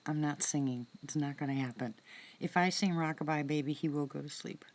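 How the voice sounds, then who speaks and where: A woman hosting a casual live-stream chat with viewers from outdoors in the woods at night. She talks softly into a phone, often slipping into whispers, chatty and heartfelt. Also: low-pitched. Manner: soft-spoken, drops into whispers, chatty and heartfelt.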